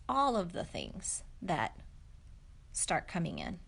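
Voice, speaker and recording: A woman, with a slightly gravelly edge. She tells a personal story to camera in a candid, reflective way. Her talk is chatty and full of fillers. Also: fairly low pitch, huge pitch swings, slow pace, long pauses, fairly bright tone. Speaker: vlogger.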